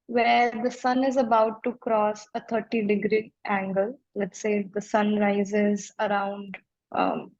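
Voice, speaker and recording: Slow, soothing woman coach. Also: darkish tone, dry recording, highs cut off. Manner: slow, soothing, deep trance-inducing voice. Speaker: emotional wellness coach, guest. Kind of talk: calm interview answers.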